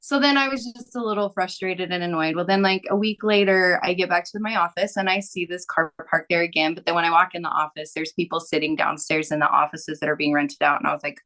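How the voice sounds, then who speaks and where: Young woman guest telling a story on a podcast, rambly, says like a lot, lowish voice. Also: fast, bright, forceful tone. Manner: rambling, full of "like" fillers. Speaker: guest, massage therapist. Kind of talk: casual storytelling.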